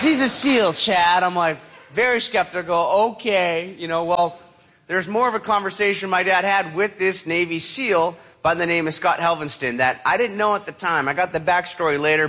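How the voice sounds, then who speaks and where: A man telling a personal story in a lively way, acting out the voices of the people in it. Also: on the high side. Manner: animated, acts out quoted voices. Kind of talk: motivational storytelling.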